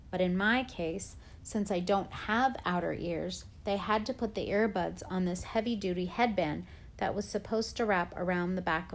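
A woman's voice: medium pitch, lightly acted. A friendly male ear doctor who keeps things light and reassuring, as a woman reader plays him. He explains patiently and cracks small jokes. The reading stays close to a plain storybook voice. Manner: upbeat, reassuring.

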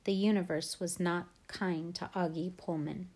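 A blunt, knowing teenage girl, as a woman reading an audiobook puts her on. Her voice sits lowish and steady, and she talks straight and a bit proud. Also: a little slow.

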